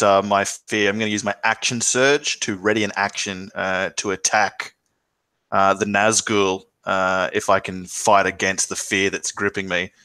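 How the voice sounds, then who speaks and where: Male player, very low and flat, narrating his actions dramatically; dry sound. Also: clear, resonant tone, no echo. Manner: dramatic first-person narration mixed with dice talk. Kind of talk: narrating his character's actions in a tabletop game.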